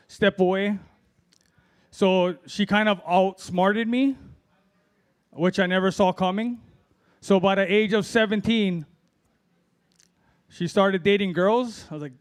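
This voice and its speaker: A high, clean male voice comes from a middle-aged Hawaiian doing a rambling open-mic comedy set as an amateur. He's self-deprecating and loose, leaning on fillers as he goes.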